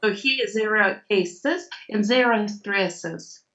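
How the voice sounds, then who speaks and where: Over distant, dull video-call audio, a Russian-speaking woman gives an online language lesson as a tutor. Her medium-pitched voice is a bit bright, and she explains slowly and patiently, mixing in Russian words.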